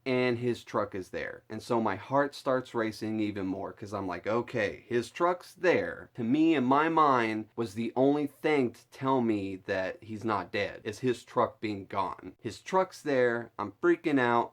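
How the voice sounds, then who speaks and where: Animated young man telling a story. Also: on the low side. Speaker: vlogger. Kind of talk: storytime vlog.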